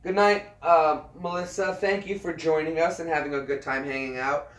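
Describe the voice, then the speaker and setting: Man, 30s, casual livestream talk, earnest and halting, echoey room, mic set back. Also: fairly high pitch, fairly even intonation, fairly bright tone. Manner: earnest, halting, repeats and restarts phrases. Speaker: military veteran livestreamer answering chat. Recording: roomy sound, mic at a distance.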